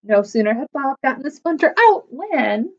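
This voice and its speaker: A woman librarian reading a picture book aloud to preschoolers at storytime, expressive and animated. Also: high-pitched, moderate pace. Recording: dull lo-fi recording.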